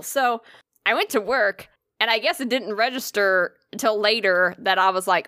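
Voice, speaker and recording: Bright, profane woman telling a story. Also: medium pitch, moderate pace, no room sound, studio quality. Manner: animated, profane, swears freely. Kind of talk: casual storytelling chat.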